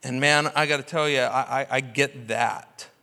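A man's voice: mid-range voice, steady tone, normal speed, pushed and bright. A man preaching a sermon as pastor, passionate and full of rhetorical questions. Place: church sanctuary. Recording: long hall reverb.

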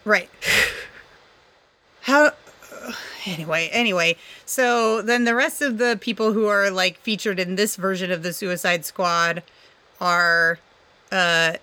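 A woman's voice: medium pitch, fairly even intonation, takes it slowly, long pauses, pushed and bright. A woman co-hosting a casual chat, rambling and sarcastic, often laughing.

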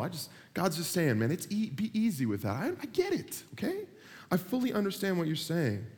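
Male pastor, lively joking sermon, slightly high voice, reverberant church hall. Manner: animated, joking, acts out people he mentions.

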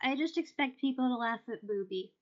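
A woman's voice: sits high, expressive, fairly quick, highs cut off, a crowd in the background. A woman co-hosting a podcast in casual chat, playful and giggly. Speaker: podcast co-host. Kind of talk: casual chat about a comedy show.

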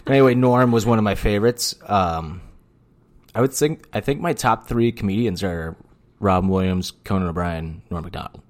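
A man with a low voice co-hosts a casual podcast. He talks bluntly, teases his co-host and slides into ranting. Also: moderate pace. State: out of breath. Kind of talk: casual chat.

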